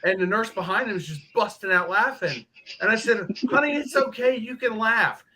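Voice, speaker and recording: A man's voice: sits high, moderate pace, bright, forceful tone. A man hosting a casual live stream, telling profane, joking stories and laughing often. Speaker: host of a live motorcycle stream.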